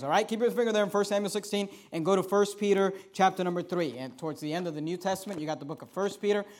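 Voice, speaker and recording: A man preaching a sermon, reading scripture slowly and swinging between quiet asides and emphatic, louder points. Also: high voice.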